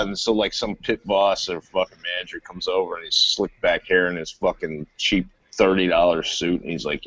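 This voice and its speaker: Man, very low voice, profane rambling storyteller; dry, dull lo-fi audio. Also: steady tone, normal speed, hardly any pauses, fairly bright tone, no room sound. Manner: rambling, swears constantly, laughs while telling stories. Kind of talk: casual chat, profane storytelling. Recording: dull lo-fi sound.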